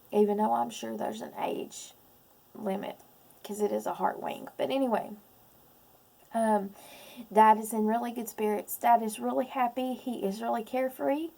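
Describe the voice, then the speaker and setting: A woman in her thirties, speaking in a personal vlog, close to tears, halting with many pauses and ums. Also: on the high side, gravelly, mellow. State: close to crying. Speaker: vlogger.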